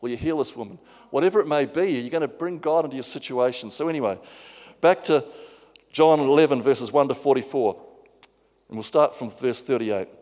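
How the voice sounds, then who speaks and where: A man preaching a sermon in a church hall, earnest and often stumbling over repeated words. His voice sits at a middle male pitch, and a long hall reverb trails after each phrase. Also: moderate pace, darkish tone.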